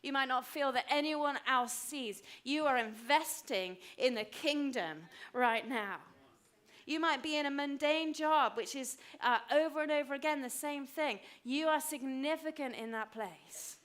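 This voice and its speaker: A woman in her fifties preaching a sermon, emphatic and repeating phrases for weight, dropping to a hush for personal stories. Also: high-pitched, unhurried. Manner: drops to a hushed voice for personal stories. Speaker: pastor.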